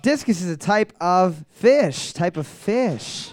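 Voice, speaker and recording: A young man runs a casual trivia night with a smooth, clear, slightly high voice. He reads each question deliberately, often twice, and fills the gaps with crude joking asides. The sound is close and dry. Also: animated, darkish tone, no room sound. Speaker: trivia host. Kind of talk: casual live trivia hosting.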